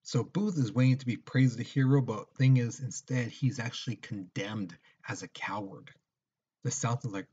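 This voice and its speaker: A man's voice: medium pitch, normal speed, darkish tone, slightly rough. A man teaching history in a casual lecture, retelling events with acted-out quotes and frequent check-ins. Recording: dull lo-fi recording.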